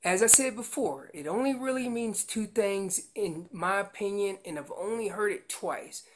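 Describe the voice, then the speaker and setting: A man's voice: high voice, moderate pace. A man explaining how to make an elk call, teaching in an earnest way and often repeating words as he goes. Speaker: elk calling instructor.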